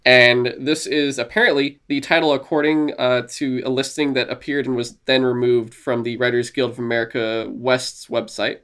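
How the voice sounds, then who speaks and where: A man's voice: medium pitch, flat delivery, normal speed, hardly any pauses, a bit bright, clean tone. A man in his twenties hosting a podcast in casual chat, rambling and laughing along with many fillers and restarts. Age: 20s. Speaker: podcast host.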